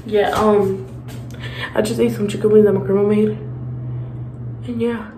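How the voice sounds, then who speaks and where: A woman's voice: mid-range voice, flat delivery, a little slow, mellow. A woman vlogging to the camera in a bathroom, hyper and playful, squealing and making beep noises. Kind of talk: casual vlog talk to camera. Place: grandmother's bathroom. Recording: echoey room with noise.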